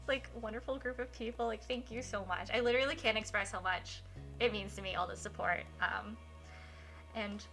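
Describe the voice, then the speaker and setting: A woman's voice: a little high, pushed and bright. A young woman streaming a game live, gushing with thanks to her chat and talking in a chatty way full of fillers. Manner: gushing, emotional, many thank-yous.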